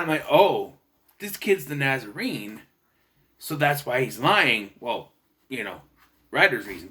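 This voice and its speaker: A young man with a bright, forceful, slightly high voice talks through a film review off the cuff. He rambles, second-guesses himself and keeps restarting his sentences. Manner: rambling, unsure, lots of restarts and self-corrections. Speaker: movie reviewer. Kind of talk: casual spoken film review.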